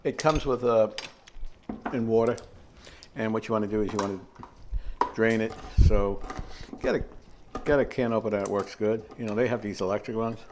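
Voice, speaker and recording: A man's voice: lowish voice, moderate pace, long pauses, noisy background. Rambling older New man cooking. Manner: rambling, chatty, many fillers and asides. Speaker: home cooking host. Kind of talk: casual cooking demonstration. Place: home kitchen.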